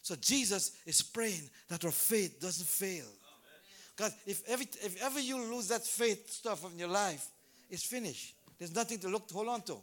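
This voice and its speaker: A man preaching a sermon at a church service, telling a story with lively acted-out scenes. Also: sits high, moderate pace. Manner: animated storytelling, acts out scenes.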